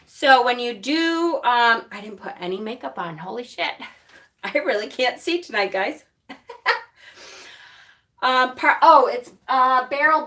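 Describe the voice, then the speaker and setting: Woman, Rochester accent, casual livestream host, bright tone, slightly high, rambling, laughs a lot. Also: lively intonation, takes it slowly, long pauses. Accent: Rochester, New York. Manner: chatty, rambling, laughs often, answers comments. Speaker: witchcraft channel host. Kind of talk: casual livestream chat with viewers.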